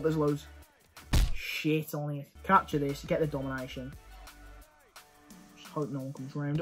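A young man giving excitable live commentary over his own gameplay, cheering and swearing at the action. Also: a little high, unhurried, pauses often, soft background music. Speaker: gaming YouTuber.

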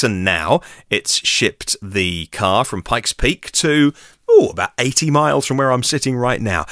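A man's voice: medium pitch, a bit bright, no echo, clean studio sound. Chatty man hosting a podcast. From United Kingdom. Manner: chatty, self-deprecating, rambling asides. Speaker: podcast host. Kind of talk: casual solo news podcast.

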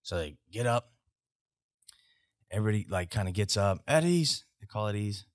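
Speaking at a moderate pace in a lowish voice, an American veteran in his thirties tells animated, profane army stories as a casual podcast guest. The recording is dry and clean, made on a podcast studio mic.

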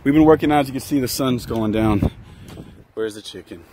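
A man's voice: mid-range voice, a little fast, noisy background. A man vlogging casually outdoors and in his truck, teasing his companion and laughing often. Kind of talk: casual vlog banter.

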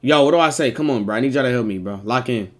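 A man's voice: mid-range voice, quick pace. A man livestreaming, chatting casually to his viewers in rambling slang full of swearing.

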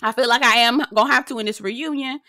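A woman's voice: on the high side, pushed and bright, no echo, studio quality. A woman hosting a casual reality TV recap, sassy and dramatic, swearing freely and mimicking the cast. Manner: sassy, dramatic, profane, quick mimicry of others.

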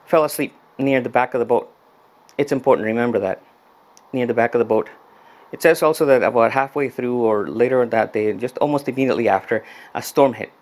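A man's voice: medium pitch, darkish tone. A young adult man, a youth pastor, telling a story in a casual, conversational sermon. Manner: conversational storytelling, frequent restarts.

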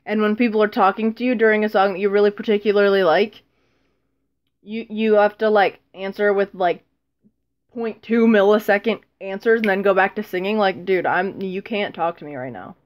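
A teenage girl chatting casually in a vlog, rambling and self-deprecating, with frequent ums and laughs. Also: medium pitch. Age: teens. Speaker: vlogger.

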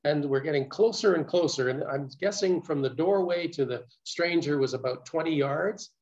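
Older man, earnest measured storytelling, little stammers, somewhat high-pitched, dull muffled recording. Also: a little mellow. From Canada. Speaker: guest speaker. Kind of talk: personal storytelling talk.

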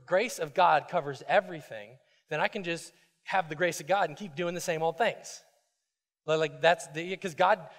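A man with a bright, high voice preaches to his congregation in a loose, chatty way, stumbling over quick restarts as he builds his point. His words ring out with a long reverb tail across the sanctuary. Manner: conversational, animated preaching with quick asides and repeated restarts. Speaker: pastor. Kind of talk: sermon. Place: church sanctuary.

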